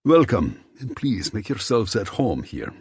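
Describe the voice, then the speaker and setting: A cold, controlled crime boss, put on by a male narrator, speaks with a foreign accent in a calm, measured way. His politeness carries quiet command. The voice is husky and dry. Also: fairly low pitch, dry recording, voice pushed up, heavily acted. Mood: cool. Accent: foreign accent under his English.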